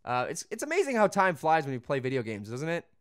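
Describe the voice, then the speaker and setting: A young man hosting a gaming channel, giving goofy, excitable let's-play commentary, yelling and laughing at the game. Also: fairly high pitch, fast, smooth. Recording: game music loud behind the voice. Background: video game music and vehicle sounds.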